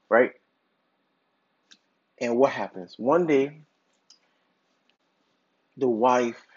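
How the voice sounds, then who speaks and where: Husky man rambling on a podcast. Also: mid-range voice. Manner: rambling, filler-heavy storytelling with many "like"s and restarts. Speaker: podcast host. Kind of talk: casual podcast monologue. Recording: dull lo-fi recording.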